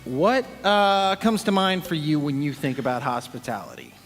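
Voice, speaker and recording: A man's voice: on the high side, lively intonation, normal speed, long reverb tail, soft background music. A man, a worship leader, giving a casual, joking sermon talk full of fillers. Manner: chatty, joking, with many fillers.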